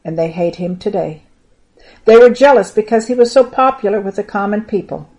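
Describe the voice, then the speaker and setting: A woman reading a Bible story aloud in an expressive storytelling manner. She lifts her voice for tense moments and drops it low and soft for sad ones. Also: brisk, low-quality recording.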